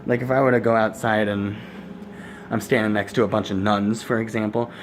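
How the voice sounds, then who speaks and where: A young man vlogging in a casual, rambling way, cracking crude jokes and laughing at his own stories. His voice sits at an ordinary middle pitch. A faint hiss runs under the camera-mic sound. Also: a little fast. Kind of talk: casual storytelling vlog.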